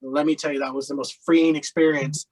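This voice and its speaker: Casual interview guest: a man with a slightly high voice, rambling, filler-heavy storytelling. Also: flat delivery, brisk, darkish tone, poor audio. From Colorado.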